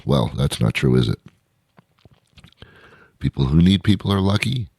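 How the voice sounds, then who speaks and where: A man hosting a radio show with a comic, rambling, self-mocking monologue, his voice hoarse and stuffy from a cold. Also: a bass voice, animated, measured pace, long pauses, darkish tone, no echo. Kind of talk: comedic monologue.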